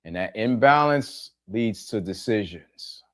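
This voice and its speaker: Middle-aged guy hosting a podcast, slow and deliberate, bit of a low voice, keeps repeating his points. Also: animated. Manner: plainspoken, repeats key phrases for emphasis, asks listeners direct questions. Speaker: podcast host. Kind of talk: reflective monologue to listeners.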